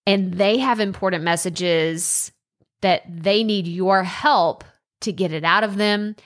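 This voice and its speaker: A woman's voice: medium pitch, takes it slowly. A young adult woman with a Texan accent hosting a solo podcast, chatty and self-deprecating, often laughing at herself. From Texas. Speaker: podcast host.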